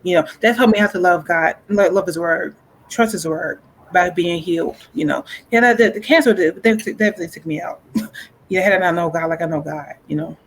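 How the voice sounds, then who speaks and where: A woman's voice: on the low side, fairly quick, low-quality recording. Woman guest telling her story, earnest and churchy, keeps restarting sentences, faint noise behind. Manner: earnest and faith-filled, often restarts phrases. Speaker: guest author. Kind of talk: personal story in a casual interview.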